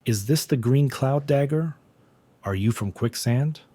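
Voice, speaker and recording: A man's voice: medium pitch, measured pace, mellow, no echo, voice pushed up, natural voice. A man voicing a proud, taunting masked ninja in a recap story. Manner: boastful, taunting.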